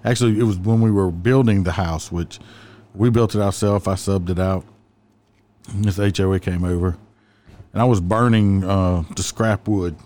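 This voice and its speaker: A man's voice: deep voice, steady tone, moderate pace, mellow. A man telling a blunt, defiant story in casual chat.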